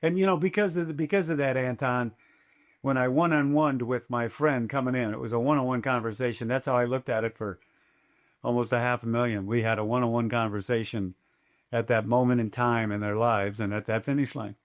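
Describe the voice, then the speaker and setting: A man's voice: medium pitch, a little fast. An older man, a race announcer, telling stories in a podcast interview and acting out quotes in a raised voice. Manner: animated, acts out quotes in a raised voice.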